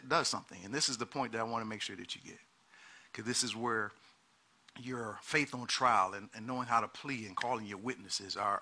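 A man with a somewhat low voice preaches a sermon animatedly, repeating words and acting out the people he quotes.

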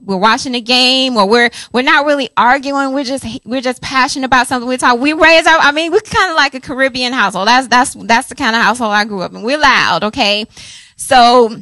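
A woman in her forties tells a personal story from the pulpit with chatty, animated energy. Her voice is bright and fairly high, recorded close and dry with no room sound. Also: no room sound. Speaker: pastor's wife, co-speaker. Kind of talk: personal testimony in a sermon.

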